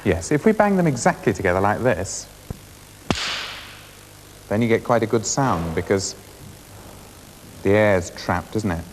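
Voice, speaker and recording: On an old 1980s schools TV recording, a music presenter teaches a primary class, leading young children through percussion games with brisk, encouraging questions. His lowish, expressive voice swings up and down a lot. Long hall reverb and faint hiss are audible.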